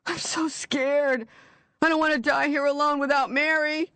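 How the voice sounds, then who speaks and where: A narrator voicing a terrified man trapped underground, with a raw, croaking voice, begging and apologizing. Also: very high voice, level tone, slow pace, warm tone, pitched above the performer's own voice, exaggerated voice. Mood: panicked pleading. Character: terrified man buried alive, pleading. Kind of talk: audiobook character reading.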